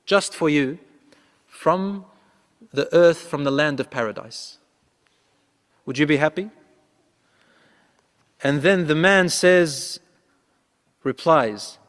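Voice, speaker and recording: A man preaching a sermon, telling a story and acting out its dialogue with a rising voice, reciting prayers quickly. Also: a little high. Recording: long hall reverb.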